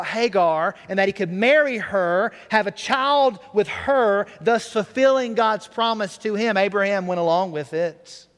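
Brief: earnest male preacher, fairly high voice, storytelling sermon. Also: fairly bright tone, smooth, long reverb tail.

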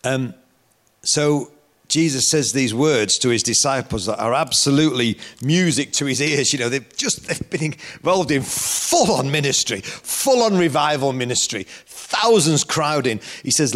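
A middle-aged man preaching a sermon, telling the story with lively emphasis and growing loud at the key moments. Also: mid-range voice, measured pace.

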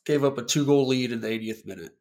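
A man's voice: medium pitch, fast talker, a little mellow. A man in a casual podcast chat, rambling and laughing.

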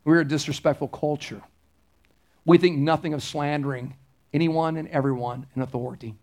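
A middle-aged pastor with a drawl and a notably high-pitched voice delivers a sermon in a church. He preaches in a chatty, anecdotal way and leans hard into his points. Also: steady tone, a little fast, darkish tone. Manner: conversational preaching, anecdotal and emphatic.

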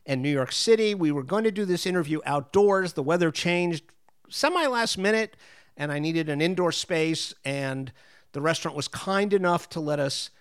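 A man's voice: fairly high pitch, expressive, normal speed, clean tone. A man hosting a food podcast, chatting in a restaurant dining room with restaurant sounds behind. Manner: chatty, conversational. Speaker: podcast host. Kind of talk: interview and show intro. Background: restaurant noise.

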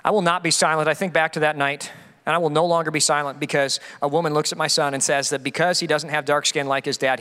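A man, a pastor, preaching an emphatic sermon, rising for stress and dropping low for appeals. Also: pushed and bright. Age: adult father of a young son. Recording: long reverb of a church hall.

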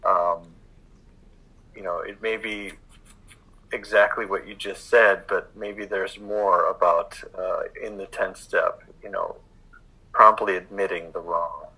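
A man's voice: low voice, fairly even intonation, slow, bright, forceful tone, breathy edge, low-quality recording. A man sharing at a recovery meeting, hesitant and full of fillers as he works toward a question. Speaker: meeting member.

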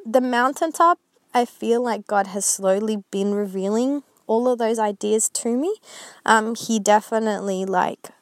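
A woman vlogger with a fairly high voice, recorded dry, shares a casual Christian reflection, speaking earnestly and rambling slightly with many fillers.

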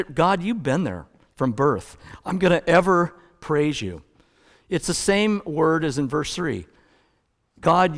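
Conversational preacher in a reverberant hall. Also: male voice, medium pitch. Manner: conversational, storytelling preacher with self-corrections. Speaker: pastor. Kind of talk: sermon.

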